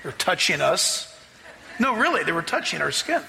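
A man preaching a sermon as pastor, telling a story in an animated way that rises to excited exclamations, recorded in a church sanctuary. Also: sits high, normal speed, creaky. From United States. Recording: reverberant hall, faint background noise.

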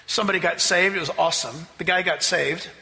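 Animated pastor preaching, gravelly bright voice. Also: male voice, sits high, a little fast, big-room sound. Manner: storytelling, animated, acts out quotes with laughs. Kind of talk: sermon. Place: church.

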